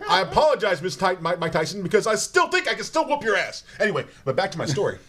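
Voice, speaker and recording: A man telling rambling, animated comic stories on stage as a guest, stumbling over his words and laughing as he goes. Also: sits high, fast talker. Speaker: guest comedian. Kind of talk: live comedic storytelling.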